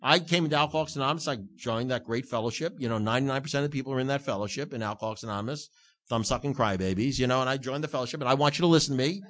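With a fairly bright, mid-range voice and a very fast delivery, a recovery meeting speaker tells the group stories in an emphatic, self-deprecating, repetitive manner.

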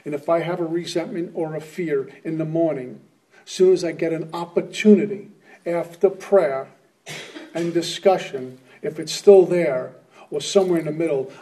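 A man's voice: fairly high pitch, warm tone, distant mic. A middle-aged man giving an earnest, plainspoken personal testimony as a speaker at a recovery meeting.

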